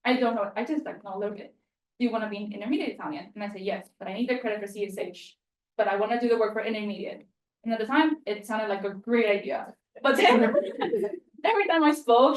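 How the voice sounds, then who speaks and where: A young Mexican woman gives an end-of-year student presentation in a university room, speaking fast in a fairly high voice. She is chatty and self-deprecating, with lots of fillers. The mic is set at a distance and the room is echoey.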